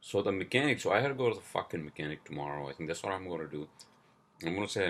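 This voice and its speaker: A man's voice: deep voice, lively intonation, very fast, a bit bright. A man hosting a solo podcast, venting in a casual, profane, frustrated rant. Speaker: podcast host.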